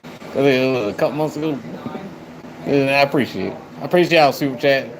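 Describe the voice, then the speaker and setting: A man's voice: medium pitch, a little fast. A man chatting on a live stream, rambling and swearing as he talks to his viewers. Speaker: livestreamer. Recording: noisy background.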